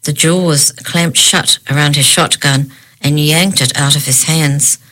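A woman with a low voice narrates a children's storybook at an even pace. Her reading is plain and measured between the spoken lines. She raises her voice briefly whenever a character speaks. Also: low-quality recording. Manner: reads steadily and lifts her voice for each character's lines. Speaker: audiobook narrator.

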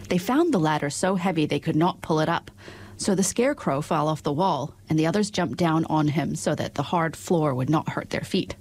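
A woman narrates a children's storybook in a measured, expressive way. Her voice sits on the lower side and has a husky, breathy texture.

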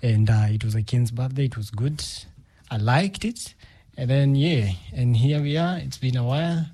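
A man's voice: medium pitch, expressive, normal speed, warm tone. A man who works as a radio DJ, chatting casually on a live show in a studio with short, hesitant answers. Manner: laid-back, hesitant, short replies. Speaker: radio co-host and DJ.

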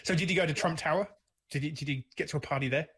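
A man's voice: fairly high pitch, very fast, fairly bright tone, breathy edge. A man hosting a casual conversational interview, rambling with many restarts and filler words. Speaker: podcast host.

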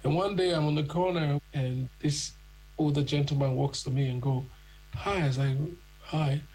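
A man's voice: on the high side, normal speed, faint music behind, low-quality recording. A man from Nigeria telling his own story in an interview, acting out the voices of people he met. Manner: animated, acts out other people's voices.

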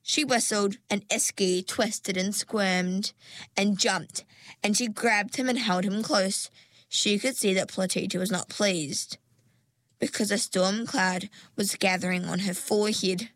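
A woman reads a storybook aloud slowly and calmly. Her voice sits in a middle pitch, and the recording is dry and close. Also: dry recording. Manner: calm, measured reading. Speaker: reader. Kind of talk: storybook narration.

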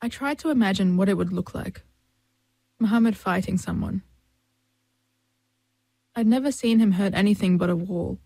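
A woman reading a first-person story as an audiobook, in a measured storytelling manner and close to the mic. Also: medium pitch, warm tone, no room sound. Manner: measured storytelling, voicing family and friends in dialogue. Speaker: audiobook narrator.

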